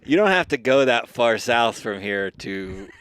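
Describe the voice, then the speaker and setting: A man's voice: medium pitch, very animated, measured pace, fairly bright tone, a little hiss or hum. A man co-hosting a casual comedy podcast, rambling and joking, laughing often as he talks. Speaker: podcast co-host.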